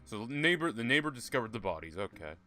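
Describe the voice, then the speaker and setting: A man's voice: mid-range voice, big pitch swings, fast, pushed and bright, soft background music. A man giving casual, sarcastic, profane commentary while playing a point-and-click game. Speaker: gaming streamer. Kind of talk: casual let's-play commentary.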